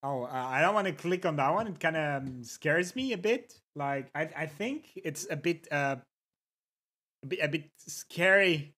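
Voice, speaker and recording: A native French speaker streaming live at a desk mic, chatting casually with viewers. The talk is excitable, breaks into laughs and curses, and greets names from chat. The voice sits at a middling pitch. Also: measured pace.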